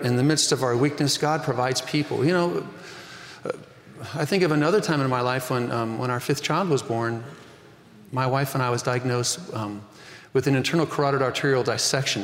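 A man's voice: medium pitch, a bit bright. Middle-aged guy preaching, earnest storyteller, mid voice, big echoey hall with long reverb. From Northern California. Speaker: pastor. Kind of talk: sermon.

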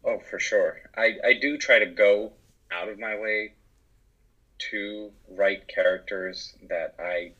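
A man's voice: lowish voice, slow pace, bright, forceful tone. A man with an American accent, talking as a podcast guest about acting and writing in a casual, earnest, reflective way. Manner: earnest, reflective, with frequent restarts. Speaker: podcast guest, actor and writer. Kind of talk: casual conversation. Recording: dull, lo-fi.

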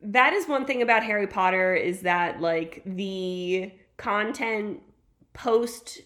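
A woman's voice: mid-range voice, takes it slowly, a bit bright. A woman co-hosting a podcast in casual chat, telling stories emphatically and laughing often. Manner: enthusiastic storyteller, emphatic and laughing. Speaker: podcast co-host.

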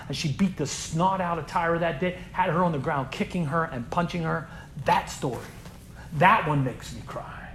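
A man leading a youth group preaches through hard stories, earnest and repeating himself as he builds. His voice sits a little high, sinking to near whispers and then swelling loud. Faint noise hums behind him. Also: moderate pace. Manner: earnest, swings from hushed to loud emphasis; repeats words while building up. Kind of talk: inspirational sermon storytelling.

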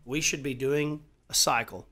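A middle-aged man in casual chat as a podcast guest, swearing freely and getting louder and more animated as he makes his point. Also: medium pitch, normal speed. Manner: animated and profane, swears often, voice rising as he gets worked up.

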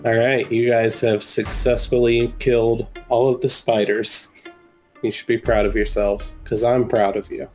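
A man hosting a tabletop game podcast as game master, wrapping up the session in a relaxed, upbeat way. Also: mid-range voice, measured pace, soft background music.

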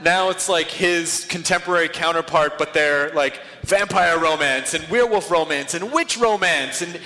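A man hosting a live podcast before an audience, joking and animated. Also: a little high, moderate pace. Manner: joking, animated, self-mocking. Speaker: podcast host. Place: large museum hall with live audience. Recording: live in a reverberant hall, faint noise.

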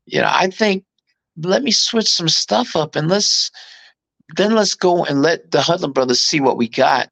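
Male interview guest, lively storyteller who slips into voices, slightly high pitch. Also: moderate pace, creaky, low-quality recording. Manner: animated, acts out quotes in voices. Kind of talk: casual anecdote storytelling.

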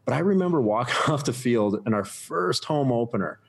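A man's voice: mid-range voice, expressive, fairly quick, vocal fry, husky. A man and former pro football player telling stories in a casual chat, laughing easily as he talks.

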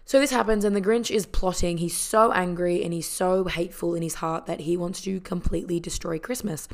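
A woman's voice: lowish voice, fairly even intonation, fairly quick. A woman casually retelling a movie in a chatty, heartfelt way, full of fillers and the odd swear word. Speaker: vlogger.

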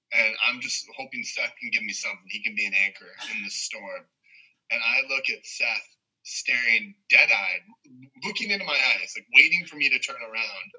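A young man co-hosting a podcast, spinning a rambling anecdote with frequent laughter. His voice is bright and a little husky, and the recording sounds dull and lo-fi. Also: mid-range voice. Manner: rambling storyteller, laughs often. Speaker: podcast co-host. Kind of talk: casual chat.

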